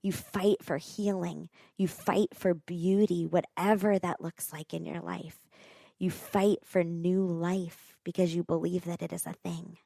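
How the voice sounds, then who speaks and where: A woman telling a heartfelt story as a podcast guest, earnest and animated, with many casual fillers. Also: lowish voice, a little slow, vocal fry, no echo, clean studio sound. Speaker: podcast guest, nonprofit co-founder.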